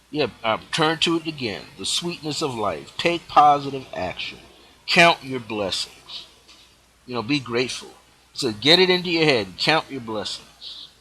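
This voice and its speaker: A man hosts a spiritual teaching show, speaking reflectively in a mid-range voice, the ends of his phrases dropping off softly. The audio quality is poor.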